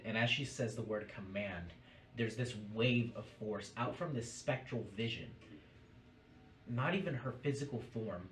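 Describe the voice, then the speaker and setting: A man narrating as game master of a tabletop game, describing scenes in a measured way. Recorded in a roomy space from a distant mic. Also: mid-range voice, a little hiss or hum.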